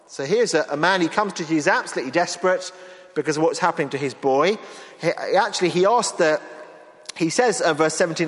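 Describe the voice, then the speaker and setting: A man preaching a sermon in an earnest, expressive way, acting out the lines he quotes. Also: on the high side. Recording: long reverb of a large hall.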